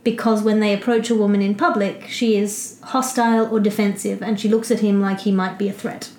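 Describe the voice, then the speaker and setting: A woman in casual chat, thinking ideas through out loud with analogies. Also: medium pitch, flat delivery, brisk, slight background noise. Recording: roomy echo.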